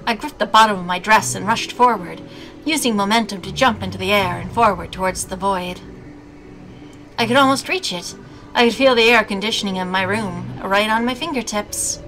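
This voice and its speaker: A woman's voice: medium pitch, moderate pace, fairly bright tone. A woman reading a visual novel aloud as a game streamer, with snarky asides between narration. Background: game music.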